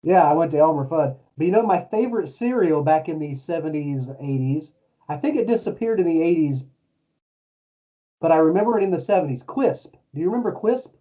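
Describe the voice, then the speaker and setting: A man's voice: on the high side, lively intonation, a little fast, mellow. A middle-aged man co-hosting a casual chat, laid-back and chuckling as he tells stories. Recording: distant, muffled lo-fi mic.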